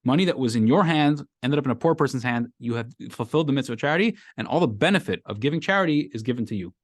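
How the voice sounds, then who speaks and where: A man's voice: mid-range voice, very fast, no room sound. A male rabbi leads a weekly class in a room full of students, talking casually and bringing examples to life. His voice swings up and down expressively. The sound is dry and close. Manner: animated, acts out everyday scenarios for the class. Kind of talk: conversational class lecture. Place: classroom with a live group.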